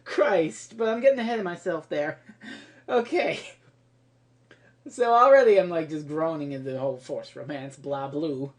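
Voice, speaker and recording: A woman ranting through a comedic movie review, profane and exasperated, swinging between loud outbursts and muttered asides. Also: low-pitched, normal speed. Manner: profane and exasperated, breaking into laughter.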